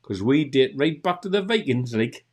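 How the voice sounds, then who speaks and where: Geordie bloke in casual banter, loud and teasing. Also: male voice, mid-range voice, animated, moderate pace, husky. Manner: joking, loud, mock-scolding. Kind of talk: casual banter on a live stream.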